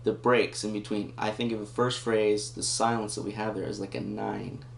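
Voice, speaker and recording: This man teaches a casual guitar lesson at normal speed in a fairly low voice with vocal fry and little pitch variation, counting beats aloud and thinking rhythm through. His own guitar rings loud in a roomy recording with a little hiss or hum.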